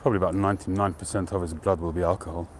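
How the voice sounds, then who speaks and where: A man hosting a live stream outdoors, chatting to viewers in a relaxed, rambling way and greeting them by name. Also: sits low, racing, slight background noise. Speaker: pipe-smoking livestream host. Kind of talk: casual live-stream chat.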